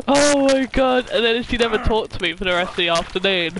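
A young streamer chatting and telling rambling stories while playing a game, laughing often and yelling at it when things go wrong. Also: mid-range voice, lively intonation, normal speed, a little hiss or hum, rough recording. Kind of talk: live gameplay chat.

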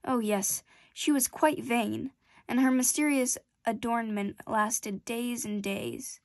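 A woman reading a classic children's novel aloud in a gentle, measured storytelling manner. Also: a little high, steady tone, no echo. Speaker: storybook reader.

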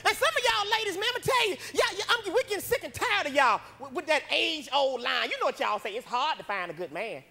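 A male stand-up comedian with an unusually high voice, doing a brash, profane, self-mocking routine on a comedy club stage. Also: quick pace, gravelly, hardly any pauses, pushed and bright, some chatter behind.

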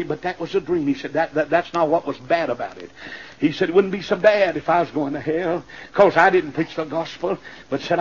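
Fiery preacher, husky and high. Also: male voice. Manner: fiery, swings from low asides to sudden shouted climaxes. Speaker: evangelist. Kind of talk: shouting revival sermon. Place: church. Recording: muffled 1970s LP recording.

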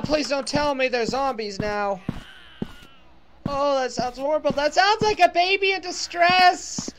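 A woman's voice: high-pitched, unhurried, slight background noise. A woman playing a horror game and commenting as she goes, reacting with fright and sympathy. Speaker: let's play gamer.

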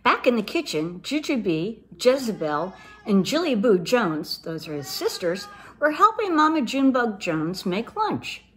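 A middle-aged woman reading a children's picture book aloud, expressive as she talks to children. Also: on the high side, unhurried. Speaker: reader for a girls' program.

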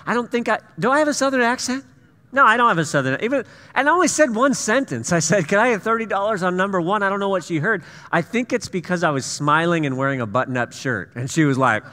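A man's voice: high-pitched, bright, forceful tone. A man from the US Pacific Northwest preaching a sermon in a church, telling stories with easy, self-deprecating humor. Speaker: pastor. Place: church sanctuary. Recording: church hall reverb.

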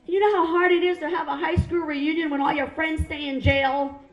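A woman's voice: sits high, steady tone, moderate pace, lo-fi sound. A middle-aged woman from Hawaii, doing stand-up comedy on a club stage, punchy and self-mocking as she chats with the crowd. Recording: roomy club sound.

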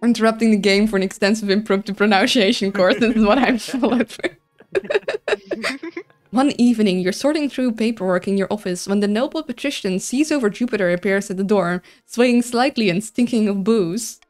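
A woman's voice: medium pitch, normal speed, soft background music. A woman hosting a live stream, chatting casually and reading game events aloud with frequent laughter. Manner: giggly, reads story text aloud.

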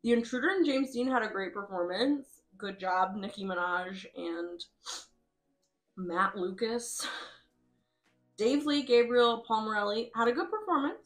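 A woman's voice: on the high side, unhurried, soft background music. Chatty woman narrating a game, laughing. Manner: chatty, laughs often, swears casually. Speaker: host. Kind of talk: casual commentary over a game.

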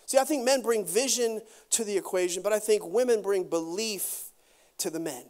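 A man preaching a sermon as pastor, animated, acting out quotes and adding quick asides. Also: high voice.

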